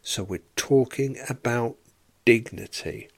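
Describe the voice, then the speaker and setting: Slow, measured man teaching scripture. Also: medium pitch, gravelly. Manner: measured, explanatory, rhetorical questions. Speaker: Bible teacher. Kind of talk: solo Bible study podcast.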